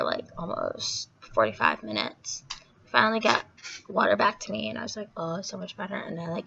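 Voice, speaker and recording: A woman's voice: mid-range voice, creaky, slight background noise. A young woman vlogger casually retelling a story in a chatty, rambling way, with a sore throat. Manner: chatty, filler-heavy, animated retelling. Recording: dull lo-fi recording.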